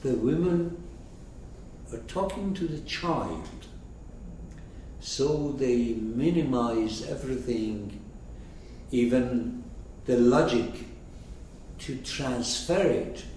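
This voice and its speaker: A man's voice: medium pitch, drawn-out words, pauses often, a little mellow, slight background noise. A man teaching, who explains a story to his listeners and keeps checking in with rhetorical questions. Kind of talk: lecture commentary. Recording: echoey room, mic far off.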